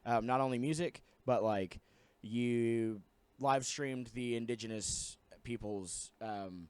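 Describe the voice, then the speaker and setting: A man's voice: medium pitch, slow pace, darkish tone, clean tone, dry recording. A young man co-hosting a podcast in casual chat. He sounds laid-back and rambling and is fond of jokes. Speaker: podcast co-host.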